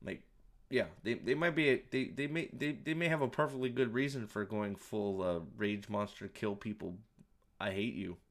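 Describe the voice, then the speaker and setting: A man's voice: fairly low pitch, moderate pace. Sarcastic man reviewing a show. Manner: sarcastic, mocking, swears freely. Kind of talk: casual commentary over playback.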